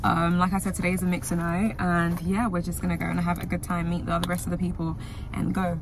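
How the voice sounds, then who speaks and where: A woman's voice: fairly low pitch, fast talker, gravelly. A young woman talking casually to her viewers in a chatty vlog. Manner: chatty and animated, talks to viewers. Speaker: vlogger. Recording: echoey room with noise.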